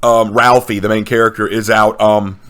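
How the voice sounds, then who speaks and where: A man's voice: lowish voice, little pitch movement, moderate pace, fairly bright tone. A man co-hosting a casual chat, retelling favorite film scenes with enthusiasm. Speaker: co-host of a movie list video.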